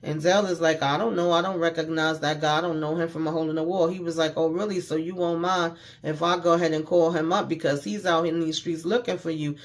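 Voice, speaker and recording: A man's voice: a little high, steady tone, fast talker. A man giving a casual, slangy recap of a TV episode, retelling scenes by quoting the characters with mild cursing. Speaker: TV show recapper.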